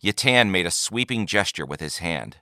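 A man narrates a science-fiction story with a deep, low voice that still moves a lot in pitch. His tone is bright and crisp, and the sound is close and dry. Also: animated, normal speed, dry recording. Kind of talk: reading a sci-fi story aloud.

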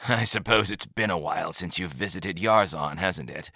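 A gentle, understated old village leader in a storybook, deep-voiced and crisp in tone, speaking with easy calm, as a male narrator puts him on. His voice is quiet and dry, with a close, dead sound. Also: normal speed, dry recording, exaggerated voice. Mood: pleasant.

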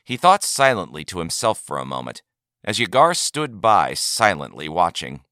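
Male narrator, deep, lively, dry booth sound. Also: moderate pace, no echo. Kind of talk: reading a sci-fi story aloud.

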